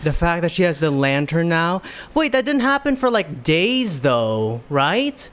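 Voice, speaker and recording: Emotional, high-voiced man reacting to a game. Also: very animated, a little slow, a bit bright. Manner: emotional, exclaiming, laughing. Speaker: gaming streamer. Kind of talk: first-playthrough reaction commentary. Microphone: webcam setup.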